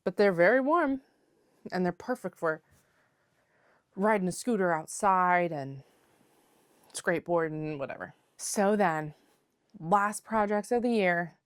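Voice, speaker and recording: A chatty woman vlogger talking at home in a somewhat low voice. She rambles casually, with plenty of filler words, and playfully calls her viewers besties. The sound is close and dry, with no room echo. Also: lively intonation, unhurried, long pauses, clean tone. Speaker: knitting vlogger. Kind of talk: casual chat.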